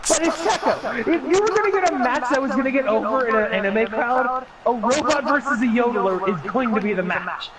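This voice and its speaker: A man telling a story on a casual podcast, animated and laughing as he goes. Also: very high-pitched, brisk, a loud crowd, rough recording. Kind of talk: casual chat.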